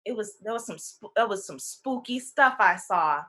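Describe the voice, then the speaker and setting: A woman's voice: medium pitch, normal speed. A woman in her twenties on a talk panel, telling a personal story in a casual way and acting out the voices of the people in it. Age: 20s. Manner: animated, acts out quoted voices.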